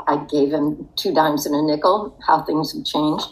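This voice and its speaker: An older woman, a guest on an interview show, telling a personal story in a reflective way with soft laughs. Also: low voice, fairly even intonation, normal speed, rough recording. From United States.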